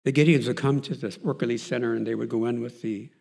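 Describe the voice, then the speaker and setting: Gravelly, husky man telling his testimony. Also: medium pitch, fairly even intonation, quick pace, darkish tone. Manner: earnest storytelling with many fillers and restarts. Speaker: person giving a Christian testimony. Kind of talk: personal faith testimony.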